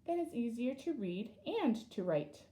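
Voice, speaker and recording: Lady teacher reading to little kids, slow and careful, splits words into syllables. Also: a little high, very animated, warm tone, a little hiss or hum. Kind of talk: reading lesson for young children.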